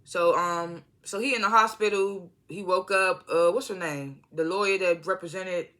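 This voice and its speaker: Bright, chatty vlogger rambling casually. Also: mid-range voice, fairly even intonation, normal speed. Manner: loose, chatty, full of slang and self-corrections. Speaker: TV show reviewer. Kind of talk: casual rambling video review. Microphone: phone.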